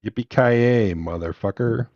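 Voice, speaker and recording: A man's voice: medium pitch, unhurried, darkish tone, dry recording, muffled recording, lightly acted. A man voicing a defiant, wisecracking American action-hero cop with dry humor.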